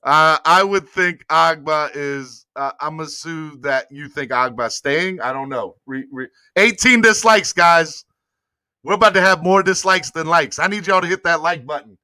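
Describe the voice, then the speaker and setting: A man's voice: fairly high pitch, normal speed, no room sound, clean studio sound. A man hosting a casual sports podcast livestream, talking in loose slang and urging viewers to hit like. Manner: animated, slangy, begs viewers for likes. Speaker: podcast host.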